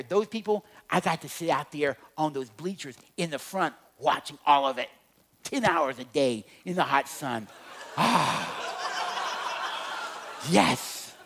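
A middle-aged man speaking to an audience about relationships, telling humorous stories and swinging between loud and quiet. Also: fairly high pitch, slight background noise. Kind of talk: humorous storytelling talk to an audience.

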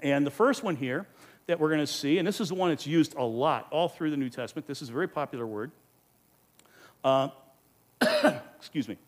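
A man's voice: a little high, fast talker. A man in the role of pastor, giving an earnest, emphatic teaching sermon into a microphone and asking rhetorical questions. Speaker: pastor teaching a Bible study.

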